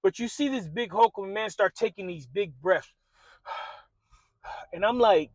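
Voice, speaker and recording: High-voiced man retelling a movie scene. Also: a little slow, no echo, rough recording. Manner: animated storyteller, acts out quotes, many fillers. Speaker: motivational video host. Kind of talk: casual retelling of a film scene.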